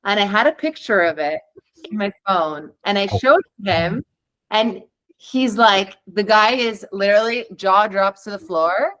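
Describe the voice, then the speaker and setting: A woman's voice: medium pitch, measured pace, fairly bright tone, rough recording. A woman guest on a podcast, telling her own story in a candid, chatty way and acting out the dialogue she quotes. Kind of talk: conversational storytelling.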